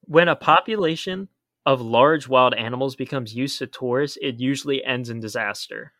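A man's voice: medium pitch, moderate pace, a bit bright, dry recording, clean studio sound. A man co-hosting a podcast, explaining in a casual chat with emphatic warnings. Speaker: podcast co-host.

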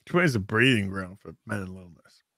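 Bright-voiced jokey man. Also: fairly low pitch, lively intonation, brisk, no room sound. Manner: jokey, playful, does put-on voices. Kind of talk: casual live-stream chat.

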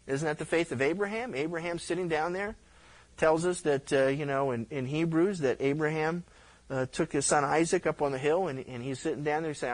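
A man's voice: on the high side, normal speed. A middle-aged male pastor preaching a conversational sermon, telling stories with frequent restarts and stammers. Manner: conversational, animated storytelling with repeated restarts.

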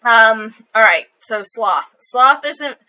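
A woman co-hosting a podcast, recapping an episode in a casual, chatty way with laughs and quick asides. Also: on the high side, animated, bright, forceful tone. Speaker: podcast co-host.

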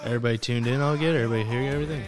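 A man's voice: medium pitch, steady tone, racing, music in the background. Laid-back joking podcast host, man. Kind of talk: casual group chat.

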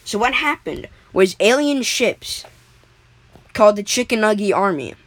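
A woman's voice: mid-range voice, lively intonation, measured pace, fairly bright tone, low-quality recording. Rambling woman improvising a story. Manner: rambling, many fillers and restarts.

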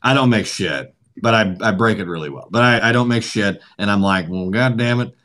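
A man's voice: lowish voice, a little fast. A man co-hosting a podcast, telling a long story in casual chat and swearing often. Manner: profane, animated storyteller. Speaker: podcast co-host.

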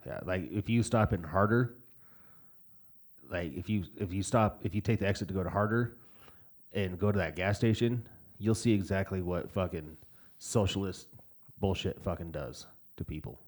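A man's voice: sits low, normal speed, darkish tone. A young man in casual podcast chat, cursing freely and rambling through stories. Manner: profane, rambling storyteller. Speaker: podcast co-host.

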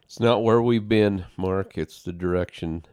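A man hosting a podcast interview, speaking in a reverent, measured way. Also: sits low, a little mellow, no echo, clean studio sound. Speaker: podcast host.

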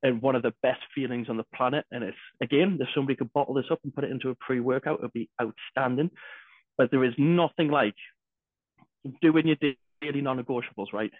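A man's voice: medium pitch, fast, dry recording. A man co-hosting a podcast, talking casually and energetically, swearing often. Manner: heavy swearing, energetic, restarts. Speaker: podcast co-host. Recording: dry tinny phone-like sound.

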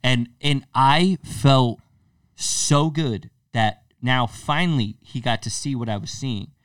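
Animated male podcast storyteller, off-mic. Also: medium pitch, slow, smooth, dry recording, studio quality, far from the mic. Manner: animated storyteller, acts out quotes, many restarts. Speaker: podcast co-host. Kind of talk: casual storytelling chat.

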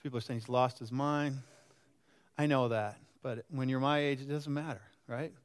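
A man's voice: medium pitch, moderate pace. A pastor in his sixties gives a conversational sermon and often puts questions to the congregation. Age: 60s. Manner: lively and animated.

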